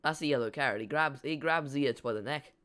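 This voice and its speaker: A man's voice: medium pitch, brisk, sharp tone. Chatty man hosting a watch-along. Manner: chatty, self-mocking, dry jokes. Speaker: live watch-along host. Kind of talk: casual live match commentary.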